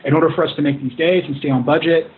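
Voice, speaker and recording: A man's voice: on the high side, fairly even intonation, fast. Earnest man on a tinny phone-like line. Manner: earnest, rambling with restarts. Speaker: film director, guest. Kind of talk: casual interview.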